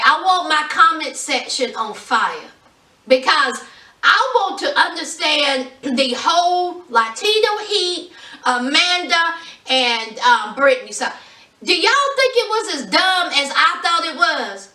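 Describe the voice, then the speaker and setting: A sassy woman, talking high and bright as she recaps a reality show for her channel. She is animated and plays out each person she quotes. Her voice rings in an echoey room, a little off the mic. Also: distant mic. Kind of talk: casual chat.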